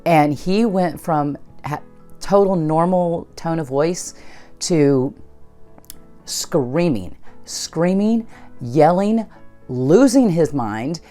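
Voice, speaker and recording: Low-voiced woman telling a personal story. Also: animated, very slow, mellow, soft background music. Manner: conversational, retells events with quoted dialogue. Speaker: channel host.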